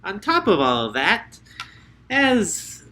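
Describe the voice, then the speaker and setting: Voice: medium pitch, huge pitch swings, slow, bright, forceful tone. A podcast host chatting casually and jokingly, rambling with fillers. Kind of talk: casual chat.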